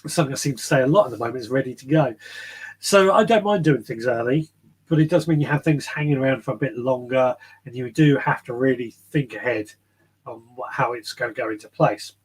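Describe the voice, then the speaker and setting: A man's voice: mid-range voice, fairly quick, husky. A man hosting a casual live gardening chat from his shed, rambling and friendly, reading out viewer comments. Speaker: podcast host.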